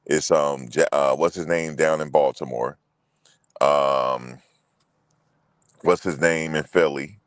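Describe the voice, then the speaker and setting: A man's voice: rumbling low, steady tone, slow, pauses often, no room sound, clean studio sound. A man hosting a casual sports chat, loose and profane, repeating himself and talking straight to viewers. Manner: loose, profane, repetitive, talks to viewers directly. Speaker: sports show host.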